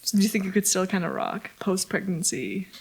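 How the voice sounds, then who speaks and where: A man's voice: sits high, lively intonation, brisk, creaky, husky. A young man in his twenties from Scotland, co-hosting a casual podcast and teasing his friend with provocative questions. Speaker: co-host.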